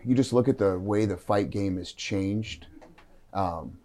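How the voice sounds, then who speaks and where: A man's voice: fairly low pitch, measured pace, a little mellow. A man co-hosting a martial arts podcast, telling stories in a loose, rambling way full of fillers. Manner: rambling, filler-heavy storytelling. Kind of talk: casual storytelling chat.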